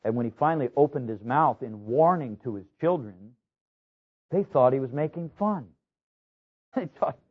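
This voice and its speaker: A male pastor delivers a sermon, pressing each point and climbing to loud, raised peaks. His voice sits at an ordinary middle pitch for a man. The sound is thin and narrow, like a tinny phone-line tape. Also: lively intonation, unhurried, pauses often, slightly rough.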